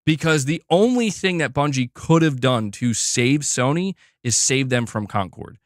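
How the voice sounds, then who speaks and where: A man's voice: medium pitch, expressive, normal speed, dry recording, clean studio sound. A man giving blunt, opinionated commentary on gaming news, emphatic and repeating himself as he pushes his point.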